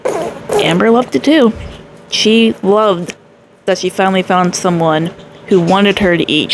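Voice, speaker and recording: A woman's voice: fairly low pitch, vocal fry. Woman reaction commentator, dry scornful sarcasm, faint room noise. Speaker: reaction channel host. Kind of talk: commentary over a reaction video.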